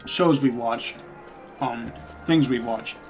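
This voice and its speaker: A man's voice: mid-range voice, takes it slowly. A young man streaming a game, chatting casually, laughing often and thinking aloud while he plays. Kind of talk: casual gaming stream chat. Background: game music.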